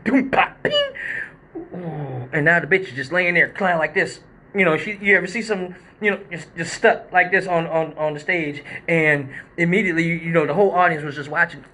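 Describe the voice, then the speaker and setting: A man hosting a live show, telling a story in a casual, animated, profane way and acting out quotes and sound effects. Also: a little high, a little fast.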